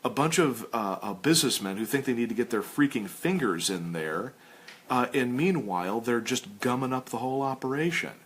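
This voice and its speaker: A man hosting a casual chat while sketching, ranting with animated stammered restarts. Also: medium pitch, moderate pace, slight background noise.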